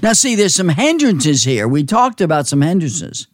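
A man preaching a sermon, slow and emphatic, repeating phrases for weight. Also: a little high, sing-song, dry recording.

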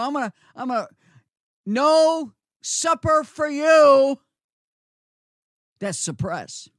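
A man's voice: high voice, dry recording, clean studio sound. A man preaching a sermon, repeating words for emphasis and asking the listeners rhetorical questions.

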